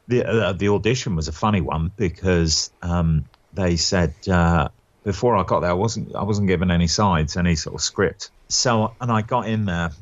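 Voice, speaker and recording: A man's voice: low voice, no echo, dull audio. A male actor guest chatting casually, rambling and self-deprecating with plenty of fillers and laughs. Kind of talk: casual anecdotal chat.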